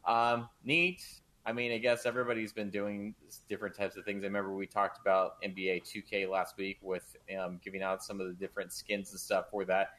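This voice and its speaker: A man co-hosting a gaming talk stream, relaxed and hesitant, with frequent ums. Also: on the low side, brisk, poor audio. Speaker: co-host. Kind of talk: casual chat.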